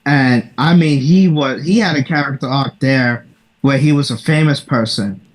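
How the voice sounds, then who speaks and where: A man's voice: medium pitch, normal speed. A man as a guest on a casual podcast, laid-back and enthusiastic, swearing now and then.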